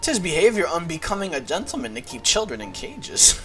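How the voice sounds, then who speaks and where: A woman doing a pompous gentleman adventurer. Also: on the low side, big pitch swings, fairly quick, soft background music. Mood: grandiose. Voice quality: grandiose, theatrical diction. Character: pompous flamboyant gentleman adventurer, adult male. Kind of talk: reading game dialogue aloud.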